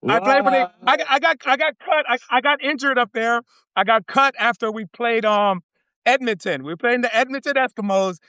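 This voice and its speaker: Fired up guy running for congress, real high voice, dry close sound. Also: fairly quick, bright, forceful tone, dry recording. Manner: passionate, repeats himself, swears. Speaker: congressional candidate guest. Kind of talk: fired-up casual talk.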